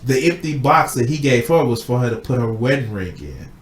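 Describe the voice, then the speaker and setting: Male podcast host, casual chat, lively swings in pitch, swears freely and acts out quotes, echoey room. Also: fairly quick, a little hiss or hum. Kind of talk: casual chat retelling a film plot.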